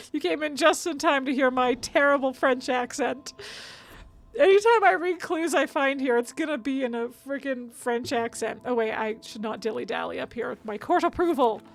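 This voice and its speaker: A woman's voice: sits high, normal speed, vocal fry. A woman streaming a video game, chatting to herself and chat as she plays and laughing often. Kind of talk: casual let's-play commentary.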